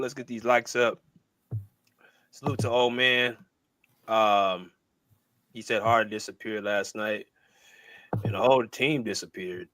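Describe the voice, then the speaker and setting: A man's voice: lowish voice, vocal fry, a bit bright. A man hosting a live basketball podcast, laid-back and slangy, speaking to viewers in the chat. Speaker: podcast host. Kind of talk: casual sports chat.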